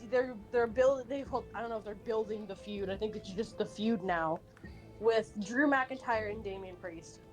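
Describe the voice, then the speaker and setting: A woman's voice: medium pitch, moderate pace, faint music behind. A woman streamer chatting casually and animatedly, rambling with many fillers and restarts, and swearing now and then. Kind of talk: casual chat while drawing.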